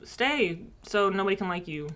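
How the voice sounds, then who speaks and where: An American woman co-hosting a casual chat, animated and joking. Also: medium pitch, normal speed. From United States. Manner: animated, joking, mocks accents playfully.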